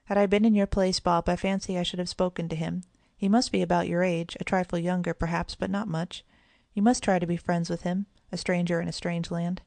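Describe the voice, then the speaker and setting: A sensible, kindly mother of two children speaks in a grave, gentle manner in a storybook reading, voiced by a woman. The voice is low with a gravelly edge of vocal fry. The recording is close and dry, with no room sound. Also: little pitch movement, fairly quick, dry recording.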